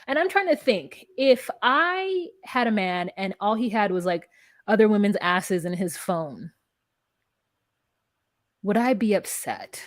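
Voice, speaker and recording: A woman's voice: mid-range voice, a little slow, no echo, studio quality. A woman co-hosting a podcast, giving blunt, profane opinions and acting out what others said in a casual recap chat. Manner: blunt, profane, animated retelling. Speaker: podcast co-host.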